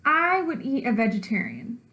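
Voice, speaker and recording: A woman doing a creepy slow old babysitter monster. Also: fairly high pitch, huge pitch swings, pushed and bright, full character voice, low-quality recording. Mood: creepy deadpan.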